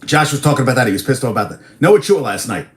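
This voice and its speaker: Rambling excitable sports-talk man. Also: mid-range voice, rapid-fire. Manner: rambling, excitable, repeats himself. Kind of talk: casual solo sports talk.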